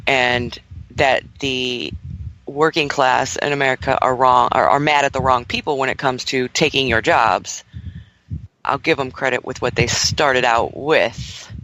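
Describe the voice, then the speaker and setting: A male co-host with a gravelly, tense, bright tone talks on a radio show. He is lively and laughs easily, and he explains things in long, rolling stretches. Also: mid-range voice, slight background noise, poor audio. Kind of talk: casual radio show chat.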